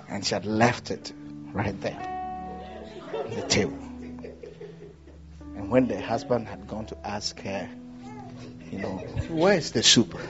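A man from Ghana preaching a sermon, moving between loud declarations and quiet storytelling. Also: fairly low pitch. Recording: dull lo-fi sound with music behind.

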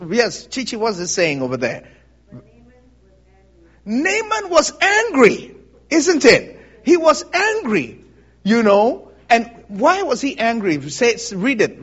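A pastor with a very high-pitched, slightly rough voice gives an interactive Bible teaching at a measured pace. Animated throughout, he keeps asking the congregation whether they understand and laughs along with them, on lo-fi audio.

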